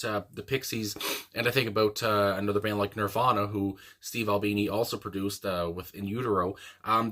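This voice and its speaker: Rambling young man with a bright, lowish voice. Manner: rambling and enthusiastic, with frequent fillers. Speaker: music reaction channel host. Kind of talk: casual music reaction commentary.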